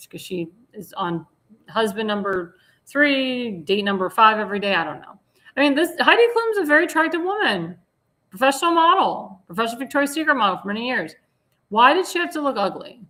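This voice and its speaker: A woman's voice: medium pitch, bright, forceful tone. A woman hosting a talk show, giving blunt, indignant commentary on slides and sometimes searching for words.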